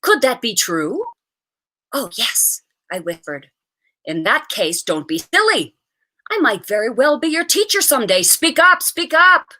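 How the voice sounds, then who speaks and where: A woman reading a story aloud, voicing a stern, theatrical male schoolteacher who talks in a brisk, commanding way. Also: on the high side, very animated, pushed and bright, exaggerated voice.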